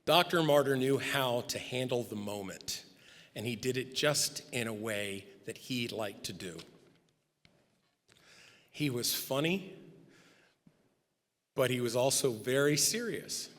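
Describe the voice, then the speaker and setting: Middle-aged man, eulogy storyteller, wry anecdotes, ordinary pitch, big reverberant church. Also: slow, long pauses. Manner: anecdotal, gently humorous storytelling. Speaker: speaker giving a memorial tribute. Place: large church sanctuary. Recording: long reverb in a church hall.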